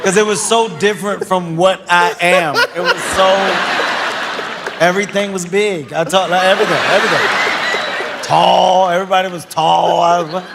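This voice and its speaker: A man telling a comic story in an animated, laughing way. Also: sits high, moderate pace, vocal fry, big-room sound, a loud crowd, heavy background noise.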